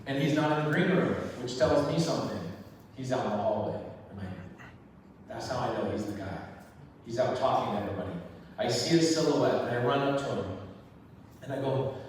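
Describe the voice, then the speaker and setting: Man, motivational storyteller, lively and chatty, heavy room echo, far from the mic. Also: mid-range voice, fast, slight background noise. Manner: energetic, conversational, acts out the quoted dialogue. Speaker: event speaker. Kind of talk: motivational storytelling talk to a live audience. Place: large hall before an audience. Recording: echoey hall, distant mic, faint ambience.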